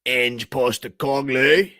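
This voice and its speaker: A young man hosting a live football reaction stream, casual and sweary, his voice hoarse from shouting. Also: mid-range voice, takes it slowly, dry recording, studio quality. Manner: casual, sweary, slangy, talks to chat. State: losing his voice. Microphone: streaming setup with camera.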